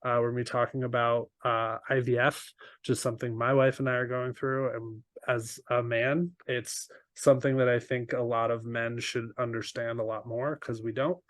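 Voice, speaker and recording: A man chatting as a podcast guest, loose and rambling, full of fillers and quick laughs. His voice sits at an ordinary pitch. The sound is dry and close, with no room around it. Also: level tone, fairly bright tone, no room sound. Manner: rambling, lots of fillers and restarts, laughs easily. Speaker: podcast guest, ADHD coach. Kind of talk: casual interview chat.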